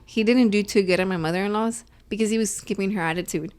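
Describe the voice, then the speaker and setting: A woman's voice: mid-range voice, quick pace. Chatty young woman telling family stories. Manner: animated storytelling, switching between English and Spanish. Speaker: podcast co-host. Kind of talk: casual chat.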